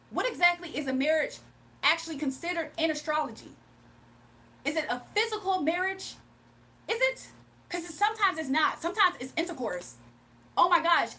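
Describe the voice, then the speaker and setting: A woman's voice: high-pitched, bright, forceful tone. A woman hosting a casual livestream, sassy and exasperated as she answers chat comments. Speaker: livestream host reading chat.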